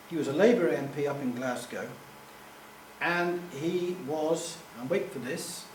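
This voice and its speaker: A middle-aged man with a fairly high voice tells rambling, self-deprecating stories to a live audience. He is picked up from a distance in an echoey hall. There is a faint hum of ambience behind him. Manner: chatty, self-deprecating, acts out quoted voices. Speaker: public speaker. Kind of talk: anecdotal talk to a live audience. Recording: echoey room, distant mic.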